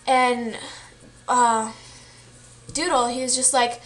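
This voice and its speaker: A woman's voice: a little high, fairly even intonation, slow, fairly bright tone. A young woman casually retelling a story she read, chatty and full of fillers, acting out the quoted lines. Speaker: student vlogger.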